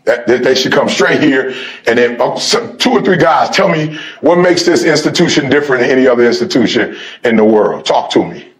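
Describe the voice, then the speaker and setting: A middle-aged man giving a motivational speech to a sports team, switching between fiery shouted exhortation and laid-back storytelling. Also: medium pitch, animated, brisk, a crowd in the background. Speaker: motivational speaker.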